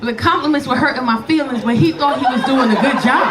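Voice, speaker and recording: Middle-aged woman comic, high voice, blunt, swears a lot, roasting the crowd, big loud laughs in the club. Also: quick pace, few pauses, heavy background noise. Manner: blunt, loud, profane, teasing the audience. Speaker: stand-up comedian. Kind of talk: stand-up comedy set with crowd work. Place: comedy club stage.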